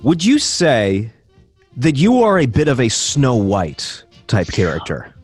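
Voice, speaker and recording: A man's voice: medium pitch, very animated, slow pace, slightly rough. Podcast guy teasing his buddy, bouncy voice, faint music. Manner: teasing, playful interviewer. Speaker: podcast co-host. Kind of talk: casual chat.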